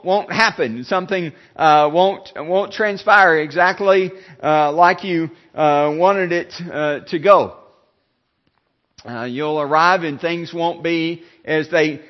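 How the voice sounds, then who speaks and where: Man preaching, high voice, halting with fillers, dull lo-fi sound. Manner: halting, with many fillers and restarts. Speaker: pastor. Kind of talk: sermon.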